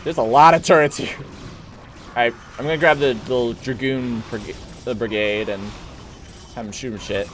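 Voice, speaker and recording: A man's voice: mid-range voice, moderate pace, a little hiss or hum. A man streaming a strategy game, joking and barking orders at his units with playful mock belligerence. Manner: giggly and excitable, mock-belligerent. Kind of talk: live gameplay commentary.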